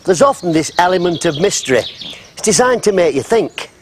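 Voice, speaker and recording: A puzzled, earnest man who tells his tale solemnly, his voice set a little high and swinging widely in pitch. The sitcom sound carries a steady noise underneath. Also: fairly quick. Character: ordinary middle-aged man, earnest and puzzled. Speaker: local man telling a story. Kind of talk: sitcom acting.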